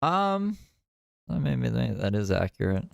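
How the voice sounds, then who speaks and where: A man's voice: medium pitch, sing-song, unhurried, gravelly, dry recording, clean studio sound. A man hosting a podcast, rambling in crude, casual commentary with lots of filler words. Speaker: podcast host.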